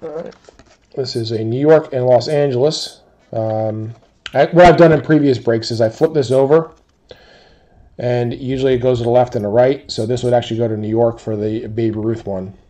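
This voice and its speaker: A man hosting a card break, steadily reading out team names and players one after another. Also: mid-range voice. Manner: steady rapid-fire listing of teams and players. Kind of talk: calling out cards in a box break.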